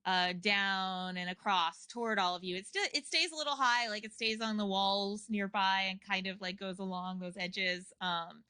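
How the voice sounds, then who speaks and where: A woman's voice: mid-range voice, steady tone, normal speed, hardly any pauses, bright, forceful tone, clear, resonant tone, no echo. A woman narrating as game master of a tabletop game, meandering with many fillers and restarts.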